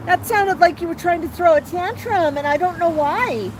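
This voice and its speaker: A woman hosting a live stream from her patio, gently soothing her pet bird as if talking to a small child. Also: very high voice, moderate pace, poor audio. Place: outdoor patio by a street. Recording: outdoor street traffic noise.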